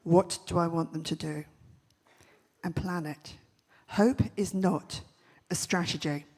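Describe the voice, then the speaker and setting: Woman, husky lower voice, comic keynote on stage, brash punchy delivery. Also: fairly even intonation, a little mellow. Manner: brash, punchy storytelling with quick jokes. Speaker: festival speaker. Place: large event stage.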